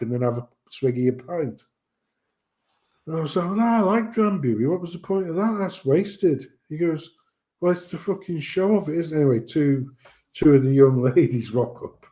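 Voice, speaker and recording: A man co-hosting a stream, telling a pub anecdote in a casual, animated way with frequent swearing and laughter. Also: medium pitch. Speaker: stream co-host. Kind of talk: casual storytelling.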